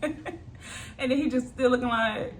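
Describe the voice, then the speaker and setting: Speaking slowly in a high voice, a woman gives a casual, gossipy recap of a reality show, laughing often and acting out what people said. There's a little hiss or hum in the recording.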